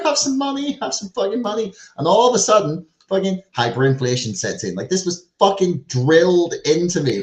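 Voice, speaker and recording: A man co-hosting a podcast, telling a story in rambling, profane casual talk full of "like" and "right". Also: a little high. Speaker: podcast co-host. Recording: roomy echo.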